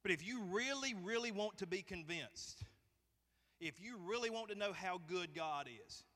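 Folksy pastor in a reverberant hall. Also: male voice, high-pitched, expressive, normal speed, bright, forceful tone. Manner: folksy and conversational, joking with the congregation. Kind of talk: sermon. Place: church sanctuary.

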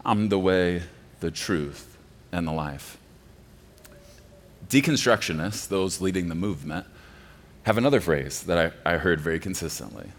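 A male pastor delivering a sermon, swinging from quiet, low passages to loud, emphatic ones. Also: lively intonation, normal speed, pauses often. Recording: long reverb of a large hall.

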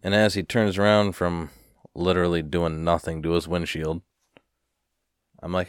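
A man with a very low, deep voice tells a story as a podcast host. His talk is casual and rambling, full of swearing and animated retellings, and the sound is close and dry. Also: moderate pace, clean tone, dry recording.

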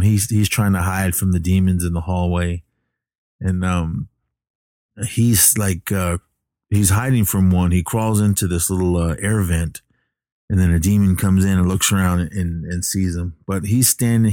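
A deep-voiced man recaps a movie in a loose, rambling way, full of pauses and restarts. The sound is dry and close, with almost no room in it. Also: mellow, no room sound. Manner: rambling, hesitant, many fillers and restarts.

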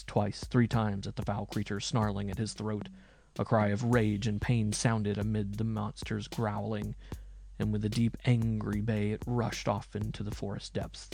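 Male narrator, low voice, gravelly, dramatic storybook reading, faint music behind. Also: a little mellow, a little hiss or hum.

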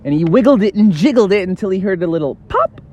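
A young man with a slightly high voice spins an improvised story, rambling playfully from one silly beat to the next. He slips in fillers and tangents as he goes, keeping a loose, amused storytelling tone. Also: expressive, quick pace, a little mellow, muffled recording.

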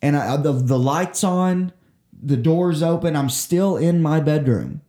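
A man's voice: fairly high pitch, animated, a little slow, warm tone. A young man telling a long personal story in casual chat, full of swearing and restarts. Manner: profane, rambling storytelling with many restarts. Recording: echoey room.

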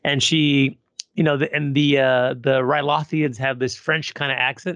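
A man's voice: medium pitch, little pitch movement, normal speed, a bit bright, no echo. A middle-aged man co-hosting a casual fan podcast, rambling with fillers and restarts. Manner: rambling with fillers and repeated starts. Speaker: podcast co-host.

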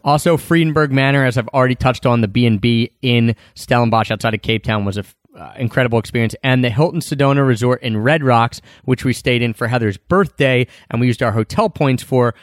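A man chats about his year of travel, filling pauses with "um" and "like" and restarting his sentences. His voice sits at an average pitch. It is recorded dry and close. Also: no room sound. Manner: chatty, frequent fillers and restarts. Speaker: travel podcast co-host. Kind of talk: casual conversational recap.

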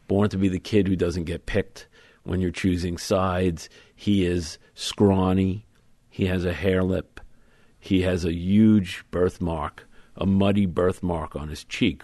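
A man being interviewed as an author, explaining at length in a thoughtful, measured way. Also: sits low, steady tone, warm tone, no echo. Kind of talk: conversational interview.

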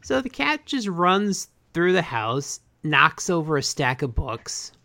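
A man's voice: fairly high pitch, big pitch swings, slow pace, pushed and bright. A man co-hosting a casual recap chat, laid-back, swearing and acting out lines from the episode. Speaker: podcast co-host.

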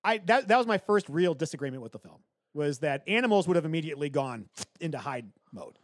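A man's voice: on the high side, quick pace, dry recording, studio quality. A man on a film podcast talking casually and emphatically about his reactions. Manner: animated, tells reactions with emphatic repeats. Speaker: podcast co-host. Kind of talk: casual chat.

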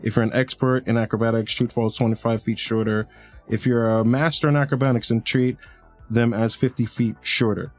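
A man playing in a tabletop game, playful and quick to quote the rules. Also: mid-range voice, steady tone, soft background music. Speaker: player. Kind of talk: casual tabletop banter.

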